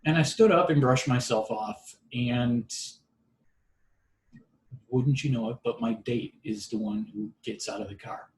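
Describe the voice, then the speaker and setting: A man telling a personal story in a casual monologue, with wry, deadpan humor. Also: mid-range voice, unhurried. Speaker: podcast storyteller. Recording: roomy echo.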